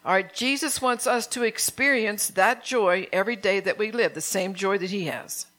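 A woman's voice: medium pitch, moderate pace, fairly bright tone. A woman preaching a sermon in a conversational, fervent way, often checking in with her congregation.

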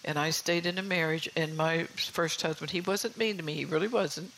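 A woman's voice: sits low, steady tone, moderate pace, a bit bright, a little hiss or hum, poor audio. An older woman giving an informal sermon in a homey, confiding way, often saying "you know". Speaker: preacher.

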